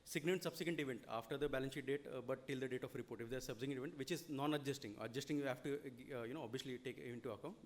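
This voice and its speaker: A man with an Indian English accent delivers a seminar lecture at a very fast clip. His voice sits at a middle pitch, and he keeps his explanations rolling with frequent "you know" and checks of "okay?". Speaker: lecturer on audit reporting.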